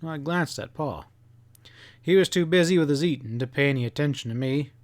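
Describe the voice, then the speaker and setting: Man reading an audiobook steadily. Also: on the high side. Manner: steady, unhurried storytelling. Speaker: audiobook reader. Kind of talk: audiobook narration.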